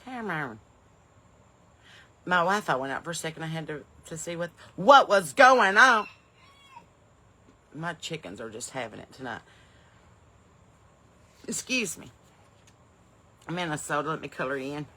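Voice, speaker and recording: A woman's voice: low voice, lively intonation, normal speed, long pauses, sharp tone, slight background noise. A woman comedian hosting a live stream from her home porch in the evening. She greets viewers in folksy, upbeat bursts and wanders off into rambling asides.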